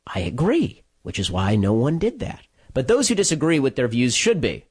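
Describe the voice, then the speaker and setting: A man delivering a solo commentary monologue, telling a story quickly with restarts and sarcastic, mocking asides. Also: mid-range voice, huge pitch swings, darkish tone, slightly rough. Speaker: political commentator.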